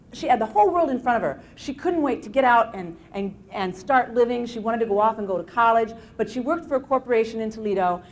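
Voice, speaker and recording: A woman lecturing on anxiety at a live seminar, telling case stories in an animated way with frequent restarts. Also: mid-range voice. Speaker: anxiety self-help lecturer. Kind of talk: live motivational seminar talk.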